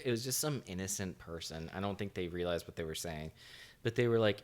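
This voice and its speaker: A man with a low voice co-hosts a podcast in casual conversation. He tells stories with energy and acts out the voices of the people in them. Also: fairly quick. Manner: animated storyteller, acts out quotes. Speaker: podcast co-host. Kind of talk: casual chat.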